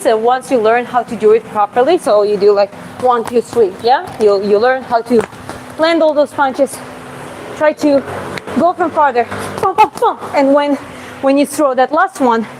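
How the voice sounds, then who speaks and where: A woman boxing coach goes live from the gym, answering viewer questions casually as she demonstrates combinations on a bag and voices each punch with a short "boom." The audio is poor, with a little hiss or hum.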